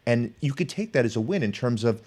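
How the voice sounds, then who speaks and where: Middle-aged male guest, animated storyteller, average pitch, mimics the people he quotes. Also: a little fast. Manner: animated, acts out quoted people in his stories. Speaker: author and professor, podcast guest. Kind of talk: storytelling in conversation.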